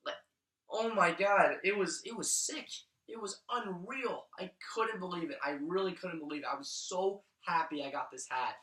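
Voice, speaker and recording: A young man casually recapping his week as a sports fan, rambling and getting excited, recorded on a camera mic at a distance. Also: moderate pace, few pauses. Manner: excitable, rambling, jumps up in pitch when thrilled. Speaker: vlogger. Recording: echoey room, voice a bit off-mic.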